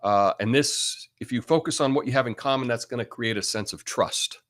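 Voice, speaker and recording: A man's voice: medium pitch, a little fast, a bit bright. Blunt chatty man hosting a live show. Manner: chatty and blunt, tags lines with "right?"; laughs at his own asides. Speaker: host. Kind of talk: casual live-show monologue.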